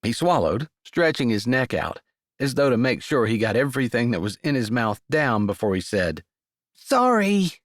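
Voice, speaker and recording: A man reads a romance audiobook aloud, his narration expressive and full of movement in pitch. The recording is close and dry, with no room sound. His voice sits at a middle pitch for a man. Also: normal speed, no room sound. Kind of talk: scripted narration.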